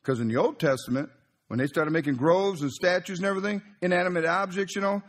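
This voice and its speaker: A man's voice: high voice, fast talker. A male pastor, preaching a sermon in a folksy, conversational way.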